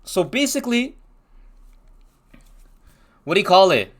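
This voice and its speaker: A man's voice: high voice, sing-song, unhurried. A young man casually telling a rambling storytime, full of slang and restarts.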